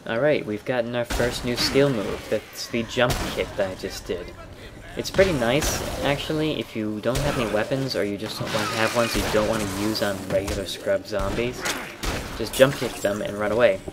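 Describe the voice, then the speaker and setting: A man casually commenting on a video game as he plays, explaining in a relaxed way with wry asides. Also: lowish voice, normal speed, over loud music. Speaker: let's play commentator. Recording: game audio with gunfire mixed under voice. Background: clear game sounds and gunfire.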